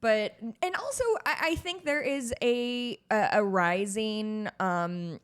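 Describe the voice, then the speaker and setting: A woman co-hosting a podcast who talks in casual, quick-witted, sarcastic banter. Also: medium pitch, a bit bright, smooth. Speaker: podcast co-host. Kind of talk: casual chat.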